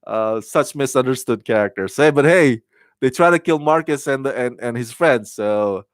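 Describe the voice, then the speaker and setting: A man's voice: mid-range voice, animated, moderate pace, dry recording. Rambling man reviewing a TV show. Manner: rambling, repeats words while thinking aloud. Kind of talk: casual spoken TV review.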